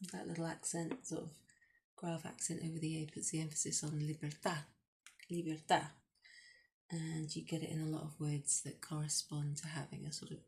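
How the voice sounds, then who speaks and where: Lady teacher talking slow at a whiteboard, low voice, lots of ums. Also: creaky, a little mellow. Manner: slow, explanatory, with many fillers. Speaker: language teacher. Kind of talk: language lesson at a whiteboard.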